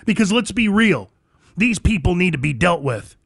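A man's voice: high voice, very animated, normal speed, creaky, no room sound. A man hosting a call-in radio show, talking emphatically and combatively and addressing listeners directly from a studio mic. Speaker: radio talk show host. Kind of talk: call-in talk radio monologue.

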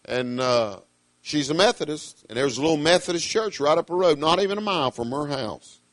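A middle-aged man, preaching a sermon with emphatic, swinging delivery, loud declarations dropping to quiet asides. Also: a little high, animated, brisk, no echo.

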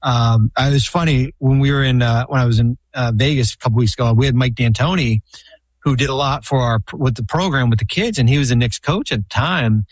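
A man's voice: medium pitch, a little fast, no echo. A man guest on a talk show telling long, rambling anecdotes with many restarts and fillers. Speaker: podcast guest, former basketball team executive. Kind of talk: casual storytelling chat.

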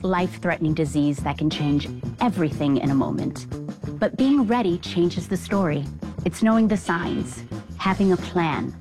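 A woman reading a scripted public service announcement in a slow, earnest way. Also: low voice. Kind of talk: scripted voice-over. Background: music.

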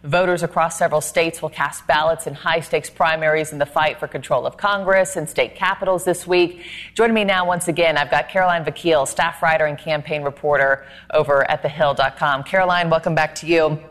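A woman anchoring a news program, with brisk, conversational handoffs to reporters and guests. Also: deep voice, fairly even intonation, a bit bright.

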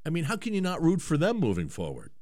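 A man hosting a talk radio show, animated and rambling, often stammering and repeating words. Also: on the high side, fast talker, no room sound, clean studio sound. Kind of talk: casual talk radio banter.

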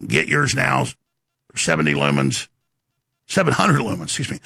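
A man hosting a talk show, delivering an emphatic rant and sales pitch with sudden swings in pitch. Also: huge pitch swings, moderate pace, creaky, pushed and bright, no echo, studio quality.

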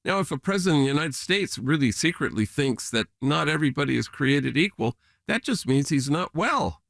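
A man's voice: on the high side, animated, brisk, gravelly, fairly bright tone, no echo, studio quality. A man who is a priest, talking reflectively as an interview guest, telling earnest stories and mimicking other people's voices. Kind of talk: reflective conversational storytelling.

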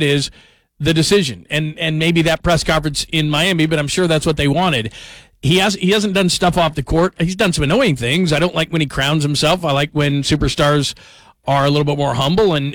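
Male sports radio host, fairly high voice, dry studio sound, brisk and upbeat. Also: fairly bright tone, dry recording. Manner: upbeat, brisk, inviting callers. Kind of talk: talk radio hosting. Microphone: studio microphone.

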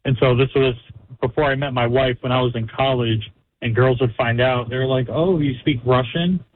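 A man's voice: mid-range voice, flat delivery, brisk, slight background noise. Man, phone-in caller, American, rambling, many fillers, thin phone-line sound. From United States. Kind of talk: casual phone-in chat.

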